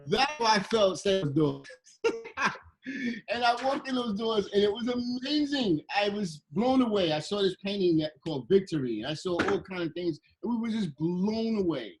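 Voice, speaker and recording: A man telling a playful, animated story to children, slipping into voices as he goes, on a video call. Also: sits high, moderate pace, slight background noise, low-quality recording. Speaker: guest illustrator and storyteller.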